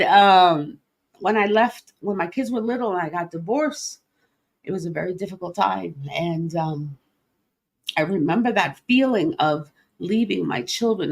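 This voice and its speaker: A middle-aged woman hosting a livestream podcast, talking openly and emotionally, with many fillers and restarts. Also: on the low side. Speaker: podcast host. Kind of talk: personal livestream talk.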